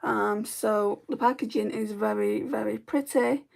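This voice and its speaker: Casual woman, creaky voice, mic set back from her, makeup vlog chat. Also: medium pitch, a little slow, darkish tone. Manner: chatty, rambling, many ums. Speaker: beauty vlogger. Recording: voice a bit far from the mic.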